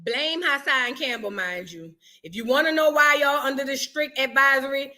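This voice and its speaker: New lady hosting a live stream, high bright voice, jokey and slangy. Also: normal speed, hardly any pauses. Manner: animated, joking, full of slang. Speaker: live-stream reaction host. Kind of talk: casual live-stream commentary.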